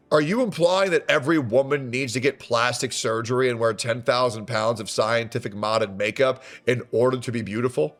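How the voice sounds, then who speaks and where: A man's voice: mid-range voice, normal speed, few pauses, a bit bright, soft background music. A man streamer giving a ranting reaction commentary, sarcastic and indignant, swearing often.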